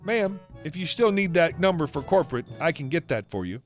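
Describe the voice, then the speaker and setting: A man voicing a kind older woman store worker who speaks softly and calmly. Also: a little high, brisk, over music. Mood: calm soothing.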